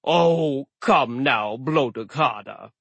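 A man's voice: on the high side, wildly swooping pitch, a little slow, fairly bright tone, slightly rough, dry recording, pitched above the performer's own voice, exaggerated voice. A man doing a jovial old sea god. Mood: cheerful. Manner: jovial, breezy. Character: cheerful barefoot male sea god, grandfatherly.

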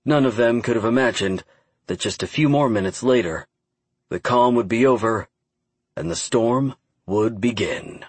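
A man giving steady, measured audiobook narration. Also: mid-range voice, husky, no room sound. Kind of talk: scripted narration.

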